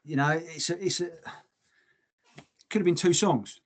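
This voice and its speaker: A man's voice: fairly high pitch, unhurried. A man co-hosting a podcast in casual chat, blunt and swearing freely. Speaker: podcast co-host.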